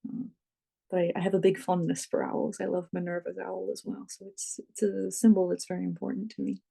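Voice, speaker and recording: A very gravelly, husky voice with a mellow, dark tone, belonging to an author in an interview. They speak reflectively and unhurriedly, stopping often with soft fillers as they hunt for the right phrase. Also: mid-range voice, level tone, fairly quick. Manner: thoughtful, searching for words, many fillers. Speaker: author, guest.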